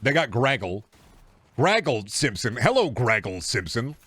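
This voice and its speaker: A man's voice: medium pitch, a little slow, husky. Profane, rambling young male streamer. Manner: rambling, profane, jokey, bursts of excitement. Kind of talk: casual gaming stream chat.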